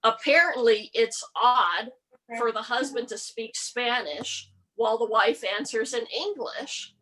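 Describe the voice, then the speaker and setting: A middle-aged woman doing a stand-up comedy set with a deadpan delivery. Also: fairly high pitch, rough recording. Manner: slow deadpan delivery with mocking put-on voices. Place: home, virtual comedy show.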